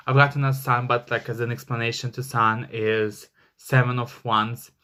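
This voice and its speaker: A man's voice: medium pitch, fairly bright tone. Guy rambling through a tarot reading, lots of um and like, gets heated and swears. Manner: rambling, many fillers, flares into angry swearing. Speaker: tarot reader. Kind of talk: casual tarot reading vlog.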